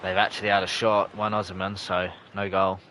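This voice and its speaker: A young man, streaming live, commenting on the match and chatting with viewers, breaking into shouts at close chances. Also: deep voice, little pitch movement, a little fast, slight background noise. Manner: chatty, bursts into shouts at near misses. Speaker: gaming streamer. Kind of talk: live gameplay commentary and chat reading.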